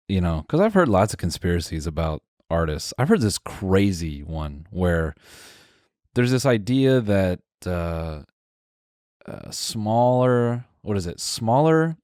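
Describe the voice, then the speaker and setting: A man's voice: deep voice, a little mellow, no room sound, studio quality. A young man co-hosting a casual podcast, rambling and hesitant with many fillers as he works through an idea. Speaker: podcast co-host.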